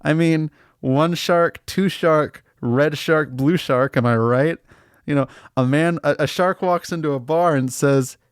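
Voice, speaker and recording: A man's voice: unhurried, clean tone, no echo. A man hosting a comedy show rants with straight-faced indignation. His voice leaps upward when he gets worked up and he stumbles into nervous laughs. The sound is close and dry, with no room around it. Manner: mock-serious rants with sudden pitch jumps and awkward laughs. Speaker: comedy podcast host. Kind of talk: absurdist comic monologue.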